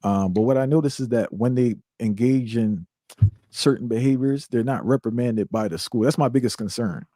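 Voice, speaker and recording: A man's voice: mid-range voice, normal speed, dark tone, dry recording. A man calling in to a discussion, speaking earnestly with some hesitation. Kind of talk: call-in discussion.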